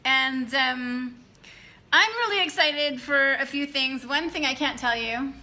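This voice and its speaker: Bright-voiced woman chatting live. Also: sits high, slow, slight background noise. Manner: chatty, greets viewers by name, loose restarts. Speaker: business coach hosting a live video. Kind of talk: casual live-stream chat to followers. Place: dim room at night.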